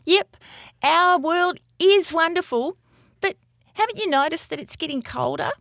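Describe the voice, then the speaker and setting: A woman doing a squeaky baby orca. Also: expressive, measured pace, gravelly, dry recording, studio quality, exaggerated voice. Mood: pleading. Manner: high bright child's voice. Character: baby female orca, eager and affectionate.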